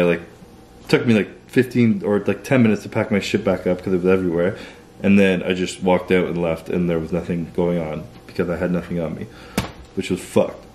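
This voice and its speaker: A young adult Canadian man vlogs to camera, telling a personal story casually in a loose, profane style with heavy use of "like." His voice is deep and darkish, with slight background noise.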